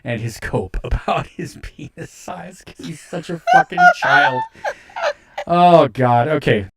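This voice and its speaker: A man in casual commentary, animated and exasperated, swearing freely. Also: on the high side, takes it slowly, heavy background noise.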